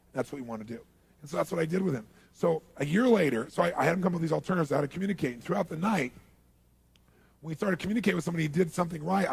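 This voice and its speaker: A middle-aged man giving a motivational seminar talk, telling stories in an animated way and asking the audience questions. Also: fairly high pitch, no echo. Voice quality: gravelly, husky voice. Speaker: motivational speaker.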